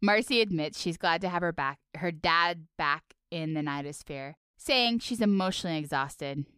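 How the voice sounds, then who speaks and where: Low-voiced woman recapping cartoons. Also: normal speed, fairly bright tone, clear, resonant tone, no room sound, clean studio sound. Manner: playful, acts out character lines. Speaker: podcast co-host. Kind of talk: casual episode recap.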